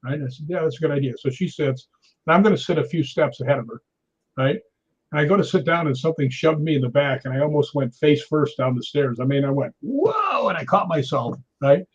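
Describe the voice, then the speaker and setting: A man with a husky, slightly raised voice spins a casual story and jumps into the voices of the people in it. He laughs as he goes. The recording sounds dull and lo-fi. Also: a little high, fast. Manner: animated, acts out quotes, laughs often. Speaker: guest storyteller. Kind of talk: casual anecdote telling.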